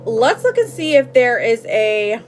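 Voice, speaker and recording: A woman's voice: fairly high pitch, sing-song, unhurried, soft background music. Affectionate woman giving live tarot readings. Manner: affectionate, calls viewers sweetheart and babe; chatty, with frequent "like" and laughs. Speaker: tarot reader.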